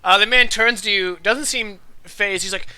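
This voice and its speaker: Bright, high-voiced man running a tabletop game. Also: normal speed, clean tone. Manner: lively, chatty scene description with fillers. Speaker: game master.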